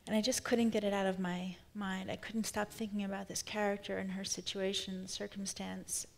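A woman's voice: mid-range voice, level tone, normal speed, creaky. A woman novelist in her thirties speaking onstage in a live conversation, thoughtful and searching, often restarting her sentences. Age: 30s. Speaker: novelist guest.

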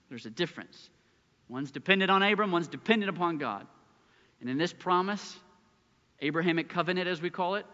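Preaching man in an echoing church. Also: a little high. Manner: earnest preaching, swings between loud emphasis and hushed lines. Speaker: pastor. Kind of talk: sermon. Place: church sanctuary. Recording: muffled church recording with long hall reverb.

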